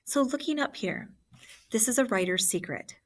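A woman's voice: fairly high pitch, animated, normal speed. A woman teacher giving an online classroom lesson and walking students through examples step by step.

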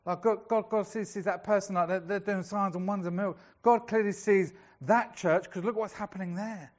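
A man's voice: sits high, fairly even intonation, fairly quick, highs cut off. A male pastor preaching a sermon in a chatty storytelling way, acting out the voices of the people in the story.

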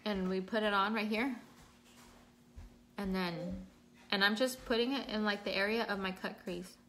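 A woman's voice: mid-range voice, steady tone, normal speed, a bit bright, slight background noise. A woman hosting a casual livestream makeup tutorial at home, chatting and reading out viewers' names while she works. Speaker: makeup vlogger.

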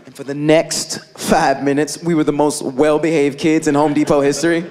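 A man telling a story on stage as a stand-up comedian, animated and full of "like", laughing through his lines. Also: fairly high pitch, moderate pace. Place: comedy stage before a live audience. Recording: live audience crowd noise. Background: audience laughter.

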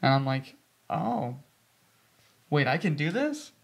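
A man's voice: a little high, very animated, slow pace, creaky. A man in his twenties co-hosting a podcast, telling stories in casual chat and acting out quoted dialogue. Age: 20s. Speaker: podcast co-host.

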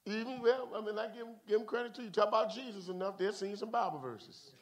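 A man pastor teaching a midweek Bible study, an animated preaching manner that swings from loud bursts to low asides. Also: quick pace.

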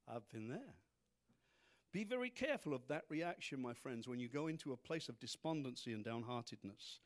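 A man preaching a sermon, acting out scripture figures with humor and animated emphasis. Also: mid-range voice, normal speed, pauses often. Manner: animated, acts out Bible characters, laughs at own jokes. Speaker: pastor.

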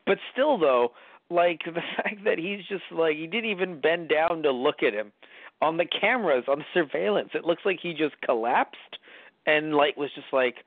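A man co-hosting a casual movie review podcast, talking in an animated, rambling, profane way. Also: a little high, normal speed, no echo. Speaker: podcast co-host. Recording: dry, phone-like line.

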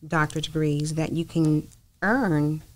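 A woman being interviewed as a guest, telling her story in an animated, expansive way. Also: sits low, slow. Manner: animated storyteller, talks at length. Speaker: interview guest, foundation founder. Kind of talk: casual interview talk.

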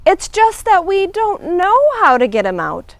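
A woman's voice: very high voice, huge pitch swings, a little slow, dry recording, pitched above the performer's own voice, heavily acted. A woman voicing a kind, sensible hedgehog in a children's storybook reading, patient and reassuring. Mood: explaining.

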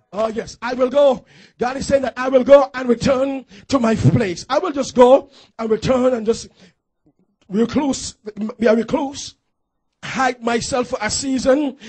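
A man's voice: extremely high pitch, darkish tone, breathy edge. A man pastor preaching a fervent call-and-response sermon in a church, urging the congregation to repeat phrases after him.

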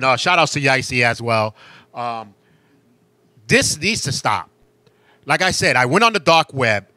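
A man hosting a talk show, delivering an impassioned monologue with emphatic outbursts that jump high in pitch. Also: sharp tone, dry recording.

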